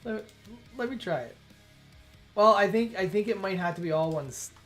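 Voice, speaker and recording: A man with a high, fairly bright voice runs a coding livestream with faint music behind him. He talks his thinking through, frequently breaking off mid-thought and exclaiming quickly when results come through.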